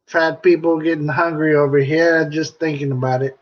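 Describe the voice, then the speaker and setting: A man's voice: a little high, fairly even intonation, normal speed, dull audio. A middle-aged American man chatting casually on a live stream, joking and reading viewer comments aloud. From United States.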